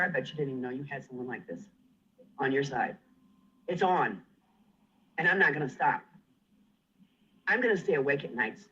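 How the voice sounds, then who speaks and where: A man's voice: mid-range voice, sharp tone, slightly rough. Furious profane man ranting, muffled. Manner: furious, threatening, profane, defiant. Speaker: livestream guest. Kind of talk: angry livestream rant. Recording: muffled livestream audio.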